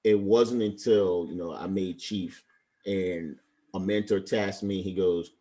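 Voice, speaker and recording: Earnest low-voiced storyteller man in his 40s. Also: steady tone, unhurried, mellow. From Brooklyn, New York. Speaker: guest, retired Navy chief. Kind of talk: casual interview storytelling.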